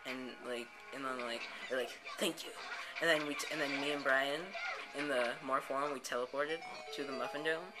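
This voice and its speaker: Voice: mid-range voice, fairly even intonation, fairly quick, poor audio. A let's play commentator telling a rambling made-up story, with many fillers, over video game music.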